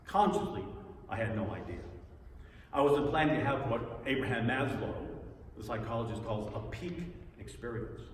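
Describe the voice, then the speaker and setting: Guy giving a testimony talk, mid pitch, stops and repeats himself, sounds far off in a super echoey room. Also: a little hiss or hum. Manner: storytelling with pauses and repeated words. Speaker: speaker at a spiritual center. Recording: echoey hall, distant mic.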